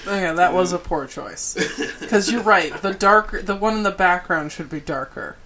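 A woman's voice: lowish voice, animated, moderate pace, a bit bright. A woman joining a casual chat with teasing remarks. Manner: teasing, laughing commentary.

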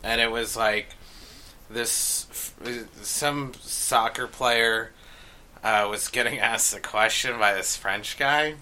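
A man hosting a casual podcast, telling stories with halting restarts. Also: mid-range voice, pushed and bright. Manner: rambling storyteller, halting restarts. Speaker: podcast host. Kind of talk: casual chat.

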